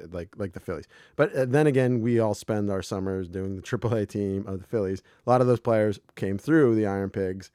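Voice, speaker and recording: A man's voice: fairly low pitch, a little mellow, no echo, clean studio sound. An American man co-hosting a podcast, chatting casually in a rambling way with lots of swearing and restarts. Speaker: podcast co-host. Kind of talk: casual chat.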